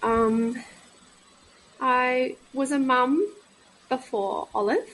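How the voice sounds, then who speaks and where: Woman, 30s, midwife, podcast guest, fairly high voice, halting, frank, many fillers. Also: fairly even intonation, a bit bright, rough recording. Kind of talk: candid podcast conversation.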